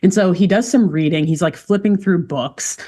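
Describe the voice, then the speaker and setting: A woman podcast co-host chatting casually as she recaps a cartoon episode, animated and slangy. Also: lowish voice, moderate pace.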